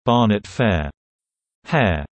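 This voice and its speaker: A man reading slang terms and their meanings in a measured, deliberate teaching delivery. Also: on the low side, animated, no room sound. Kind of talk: slow explanatory reading of word pairs.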